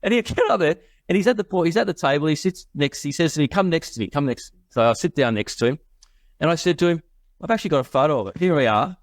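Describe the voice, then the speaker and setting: A man's voice: a little high, lively intonation, fast, no echo. A middle-aged man telling business stories in a casual podcast interview, quoting people in voices and laughing often. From Australia. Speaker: guest investor.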